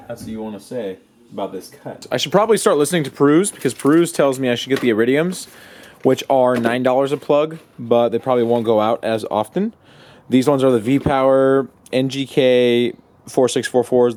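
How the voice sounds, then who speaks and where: A man's voice: on the low side, a little mellow. A young man from California vlogging casually about his car, laid-back and profane. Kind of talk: casual vlog. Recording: music playing behind.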